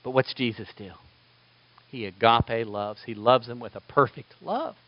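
A man preaching a sermon, swinging between loud emphatic lines and quiet asides, with playful remarks to his listeners. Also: medium pitch, measured pace, muffled recording. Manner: animated preaching with sudden loud and soft turns, playful asides to the congregation. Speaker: pastor.

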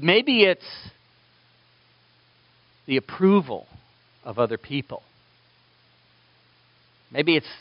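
A man preaching a sermon in a fairly high voice, jumping between emphatic, raised lines and hushed asides. The sound is dry and a little dull, with no room echo. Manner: animated preaching with sudden loud and soft turns, playful asides to the congregation. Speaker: pastor.

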